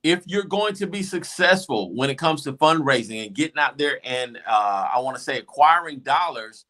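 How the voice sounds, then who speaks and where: A man co-hosts the show and answers emphatically, laying out his reasoning. His voice is bright and forceful, pitched a little high. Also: animated, normal speed. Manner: emphatic, explanatory. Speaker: co-host.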